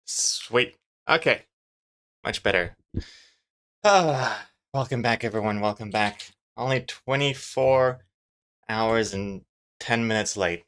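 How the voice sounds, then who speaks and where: A man's voice: on the low side, slow pace, pauses often, fairly bright tone. A man chatting loosely on a live stream as he works on his comic, rambling and joking with many fillers. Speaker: webcomic artist streaming his drawing. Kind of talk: casual live-stream chat.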